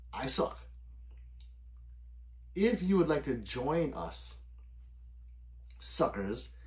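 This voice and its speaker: A middle-aged man hosts a late-night livestream, chatting loosely with viewers at his desk mic and reading their messages aloud. His talk rambles and is peppered with swearing. His pitch swings widely, rising and dropping from phrase to phrase. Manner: loose and rambling, swears often, answers chat by name. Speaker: livestream host reading chat.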